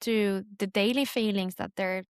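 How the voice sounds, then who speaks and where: Woman podcast host, smooth resonant voice, dry close sound, attentive questions. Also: mid-range voice, fairly even intonation, normal speed, no echo. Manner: attentive, affirming. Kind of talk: podcast interview conversation.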